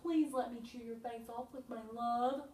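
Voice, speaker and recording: A woman's voice: on the high side, steady tone, moderate pace, mellow, reverberant, recorded from a distance, lightly acted. A woman voicing an overjoyed stuffed male raccoon who gushes with breathless delight. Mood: gushing.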